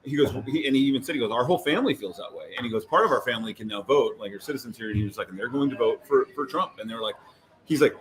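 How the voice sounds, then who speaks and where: A man co-hosting a podcast, chatting casually and telling animated stories with lots of fillers. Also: mid-range voice, very fast. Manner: rambling, animated storytelling with many fillers. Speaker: co-host. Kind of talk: casual chat.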